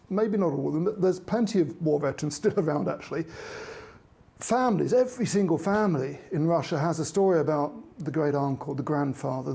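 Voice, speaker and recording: Guy correspondent on a live news panel, earnest and measured, gravelly kinda dark voice. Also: a little high. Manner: earnest, measured, with occasional emotion. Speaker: correspondent in Moscow.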